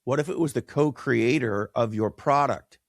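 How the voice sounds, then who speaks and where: Male guest, mid pitch, punchy and emphatic, rhetorical style, dry sound. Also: moderate pace, dry recording. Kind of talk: conversational interview.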